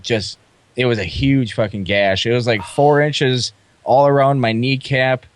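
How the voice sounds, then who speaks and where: A man's voice: mid-range voice, steady tone, a little slow, slight background noise. A man from Wisconsin, a podcast guest, telling a profane story in casual chat and laughing as he goes.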